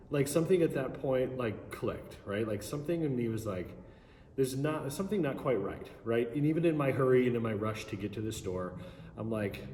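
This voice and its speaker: A man tells a story from the pulpit, animated and conversational, checking in with the room as he goes. His voice sits at an ordinary middle pitch. The sound is roomy and carries a long hall reverb with a faint background hum. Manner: animated, conversational, many "like" and "right?". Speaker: pastor. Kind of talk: sermon storytelling. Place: large church hall.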